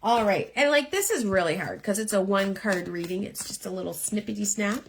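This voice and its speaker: Lively, chatty woman reading tarot. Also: mid-range voice, a little fast, a little hiss or hum. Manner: chatty, encouraging, talks straight to viewers. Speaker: tarot reader. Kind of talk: live one-card tarot readings.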